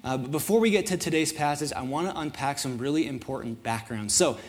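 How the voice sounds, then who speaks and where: A man's voice: on the high side, fairly quick. A young man on a church's student ministry staff preaching a sermon, telling stories in a casual, self-deprecating way.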